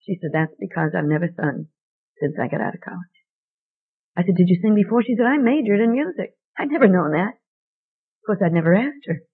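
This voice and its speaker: A woman's voice: lowish voice, lively intonation, brisk, husky. An older woman telling a personal story to an audience, earnestly acting out the quoted dialogue. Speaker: speaker. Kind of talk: storytelling talk. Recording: narrow tinny phone-like sound.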